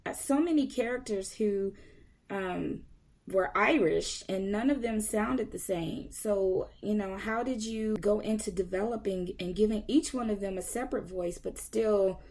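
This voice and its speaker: A woman hosting a podcast interview, eager and quick to laugh and praise her guest. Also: mid-range voice, vocal fry, a little mellow. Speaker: podcast host. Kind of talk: casual interview chat.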